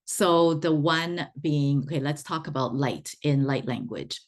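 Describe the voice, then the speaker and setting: Slow low-voiced woman teaching. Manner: chatty, repeats words for emphasis. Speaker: spiritual teacher. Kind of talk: explanatory online talk.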